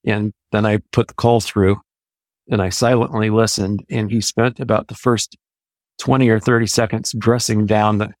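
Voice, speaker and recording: An American man in his sixties, an Army veteran, telling stories from his service in a measured, anecdotal way. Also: on the low side, flat delivery, dry recording. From United States. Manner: measured, anecdotal, with occasional restarts. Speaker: interview guest, Army veteran. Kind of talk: conversational storytelling.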